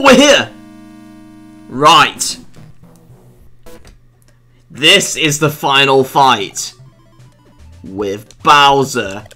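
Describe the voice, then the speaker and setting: A man giving excitable let's play commentary, exclaiming and scolding the game as he plays. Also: medium pitch. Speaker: gameplay video host.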